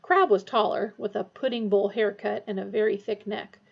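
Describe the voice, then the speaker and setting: Woman narrator for a storybook, steady and expressive, recorded with a dull lo-fi sound. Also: mid-range voice, moderate pace, gravelly. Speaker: audiobook reader.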